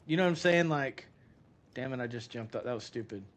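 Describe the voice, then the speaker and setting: A middle-aged man streaming a game, telling rambling, animated stories in a casual way with many fillers. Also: medium pitch, a little fast. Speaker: gaming streamer. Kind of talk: casual storytelling while playing a game.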